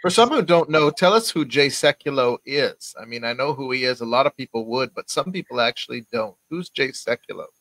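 A man's voice: mid-range voice, animated, fairly quick, few pauses, a bit bright, no echo, poor audio. A man hosting an interview, briefly prompting his guest with questions. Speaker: interview host.

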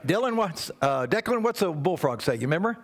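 A man's voice: a little high, sing-song, brisk. A man leading a church service as guest pastor, telling a playful children's story and leading the congregation. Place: church sanctuary.

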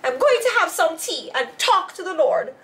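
A woman's voice: very high voice, sing-song, normal speed, fairly bright tone, pitched above the performer's own voice, exaggerated voice. A woman voicing a strict churchgoing mother who scolds her children and calls on the Lord. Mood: scolding.

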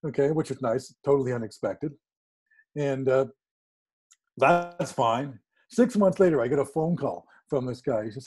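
A man telling a story in a casual, animated way, acting out quoted dialogue with sudden jumps in pitch. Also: normal speed, slightly rough. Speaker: guest speaker.

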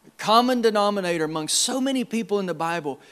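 A male pastor preaching a sermon in a church service, emphatic, repeating words and swinging between quiet and loud. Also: high voice, lively intonation, fast, smooth.

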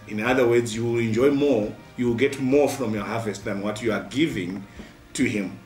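Male pastor, steady earnest preaching, faint music behind him. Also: mid-range voice, moderate pace. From Zimbabwe. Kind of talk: midweek devotion sermon. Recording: roomy sound from a distant mic, faint music.

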